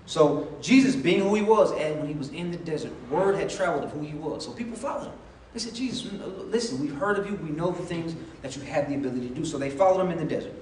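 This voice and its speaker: A man's voice: on the high side, fast, hardly any pauses, darkish tone, slight background noise. A man preaching a sermon, telling the story in a casual, conversational way and acting out dialogue. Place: church sanctuary. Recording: echoey hall from far off. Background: congregation responses.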